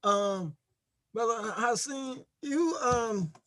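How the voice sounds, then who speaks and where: A man with a high voice interviews a guest. He asks hesitant, halting questions and fills his pauses with ums. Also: animated, a bit bright, a little hiss or hum.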